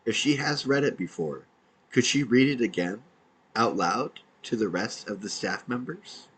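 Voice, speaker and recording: A man's voice: fairly low pitch, expressive, a little slow, a bit bright, slightly rough, low-quality recording. A man, an independent podcaster, reading out his own messages in a dry, matter-of-fact way.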